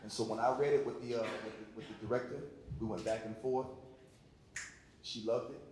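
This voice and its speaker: A man's voice: fairly even intonation, fairly quick. A man, an actor and teacher on a panel, telling a story to a live audience in a loose, conversational way with lots of fillers. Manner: loose and conversational, full of fillers and repeated words. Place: large hall at a community event. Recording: very echoey hall with faint rumble.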